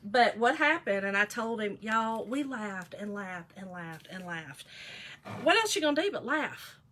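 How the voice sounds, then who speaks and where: A woman's voice: medium pitch, big pitch swings, unhurried, fairly bright tone. A woman, telling a funny story in a casual vlog chat, laughing often and saying "y'all" a lot. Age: 40s. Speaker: vlogger.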